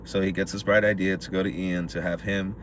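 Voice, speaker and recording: Guy on a podcast retelling a movie, low voice, does the characters' lines, slight hiss. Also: a little fast. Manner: animated storytelling, acts out characters' lines. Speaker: podcast co-host. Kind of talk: casual movie recap chat.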